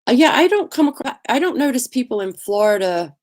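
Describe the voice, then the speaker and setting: A middle-aged woman with a Southern US accent hosting a casual live chat, talkative and quick to laugh, greeting viewers by name. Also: a little high, big pitch swings, a little mellow. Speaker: livestream host.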